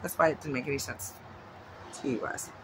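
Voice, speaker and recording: A woman's voice: a bass voice, a little fast, a little hiss or hum, poor audio. A woman vlogging at home in a casual, chatty way, rambling off into asides. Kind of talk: casual chat. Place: at home with her dog nearby.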